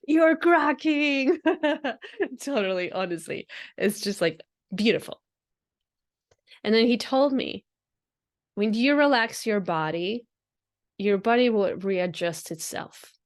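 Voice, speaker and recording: A woman with a lilt talks through a reflective spiritual monologue as a podcast host. She sounds earnest and often circles back on her own phrases, with ordinary mid-range pitch.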